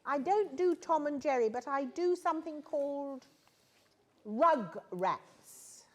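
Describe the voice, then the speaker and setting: Playful, high, lively-voiced actress. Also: female voice, slow pace. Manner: playful, self-mocking, teasing. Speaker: actress, visiting guest. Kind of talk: casual chat with schoolchildren. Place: school.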